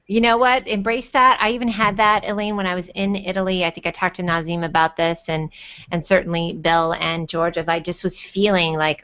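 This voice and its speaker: Woman host, lowish voice, playful, cussing, dull lo-fi video call sound. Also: fairly even intonation, normal speed, fairly bright tone. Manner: playful, swearing, chatty. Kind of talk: casual video call chat.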